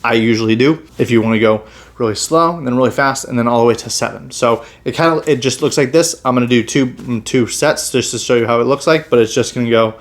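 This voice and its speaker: A man, a chiropractor, explaining meditation and breathing techniques in a relaxed, casual way, with many fillers and restarts. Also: mid-range voice, quick pace. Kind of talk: casual health instruction.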